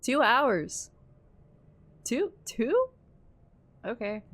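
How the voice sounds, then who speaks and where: A woman's voice: mid-range voice, lively intonation, measured pace, a bit bright. A woman streaming a game, reacting with laughter and swearing as she talks to chat. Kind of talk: casual game commentary.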